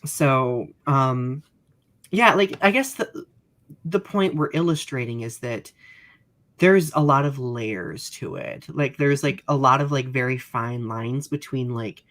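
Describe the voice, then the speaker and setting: Co-host, middle-pitched voice, reflective and hedging, casual panel talk. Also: slow pace, a bit bright. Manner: thoughtful, hedging, searches for words. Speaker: podcast co-host.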